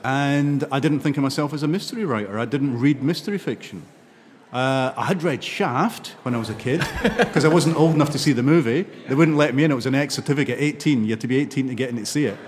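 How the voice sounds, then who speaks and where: A man's voice: mid-range voice, fast talker. Scottish older man with a hall echo. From Scotland. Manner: animated, laughing storyteller. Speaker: novelist guest. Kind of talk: interview conversation.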